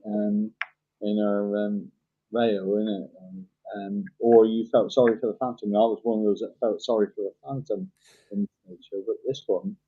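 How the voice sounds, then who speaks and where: A man, co-hosting a podcast in casual chat, hesitant, often repeating words and pausing on "um". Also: on the low side, steady tone, husky. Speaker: podcast co-host. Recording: dull lo-fi sound.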